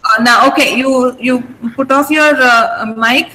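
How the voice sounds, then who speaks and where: A woman's voice: sits high, unhurried, bright, forceful tone, in a large hall, a little hiss or hum, low-quality recording. A woman teaching an online vocabulary class over a video call, patiently repeating words to drill the stress.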